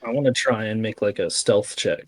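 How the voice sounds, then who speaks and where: Hesitant, low-voiced player. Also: male voice, fairly quick. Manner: hesitant, filler-heavy. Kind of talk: casual tabletop play.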